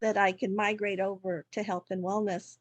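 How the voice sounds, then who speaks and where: A woman's voice: medium pitch, level tone, moderate pace, no room sound. A woman on a video call asking an eager, rambling question in a casual chat. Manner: eager, talkative, run-on sentences. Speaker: webinar audience member asking a question.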